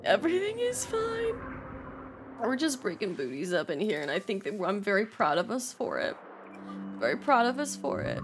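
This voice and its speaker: Her voice sits on the higher side and sounds a bit bright, with a little hiss or hum in the recording. She's a young adult streamer playing a video game, narrating casually while stressed, laughing, cursing frequently, and reading in-game text, faint game music underneath.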